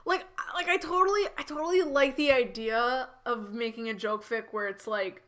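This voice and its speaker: A woman streamer riffing through a live fan-fiction read in a rambling, giggly, incredulous way. Her voice sits fairly high and sounds bright and sharp. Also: normal speed.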